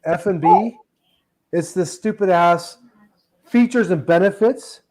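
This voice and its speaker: High-voiced man teasing over a call. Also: slow pace, darkish tone. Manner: teasing, blunt. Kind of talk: casual chat. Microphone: video call.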